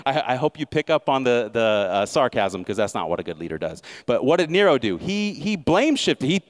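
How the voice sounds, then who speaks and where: Chatty, slightly high-voiced male pastor. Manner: conversational, with sarcastic asides and quick self-corrections. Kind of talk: sermon.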